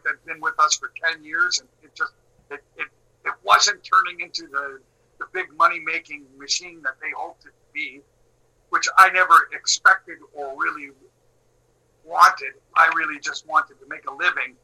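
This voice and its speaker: A middle-aged man telling a long story in casual talk, animated and swearing, acting out what people said. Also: a little high, normal speed, rough recording. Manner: animated, swearing, acts out quotes.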